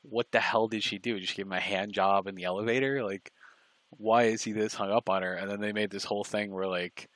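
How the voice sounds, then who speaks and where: A man in casual chat on a live stream, rambling and halting with restarts and fillers. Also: lowish voice, steady tone, a bit bright, no echo. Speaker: stream co-host.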